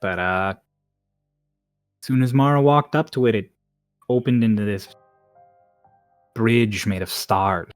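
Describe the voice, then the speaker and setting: A man's voice: lowish voice, measured pace, long pauses, no room sound, lightly acted. A man voicing a laid-back, blunt woman with a Cockney accent, speaking in clipped, offhand slang over faint music.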